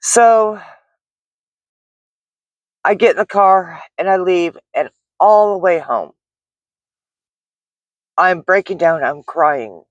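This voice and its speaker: A woman's voice: on the low side, lively intonation, takes it slowly, long pauses, no room sound, lo-fi sound. A middle-aged woman, a delivery driver, recounting a frightening experience in a rambling vlog story full of restarts and fillers. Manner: rambling, shaken retelling with many restarts and fillers.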